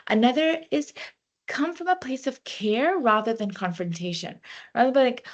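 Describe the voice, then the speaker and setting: A woman's voice: fairly high pitch, sing-song, moderate pace, muffled recording. A woman wellness trainer giving a workshop talk, leading a breathing exercise and giving practical advice with frequent "you know" fillers.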